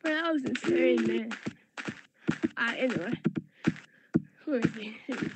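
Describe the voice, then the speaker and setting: A woman livestreaming a game, chatting excitedly with players and her chat in slangy, casual talk. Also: fairly high pitch, normal speed, heavy background noise. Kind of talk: live gameplay chat.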